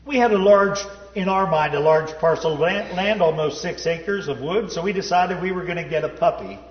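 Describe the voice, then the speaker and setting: A man telling a personal story in a sermon, folksy and self-deprecating, dropping to a low hush at the sad parts. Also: moderate pace. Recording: roomy hall reverb, dull sound.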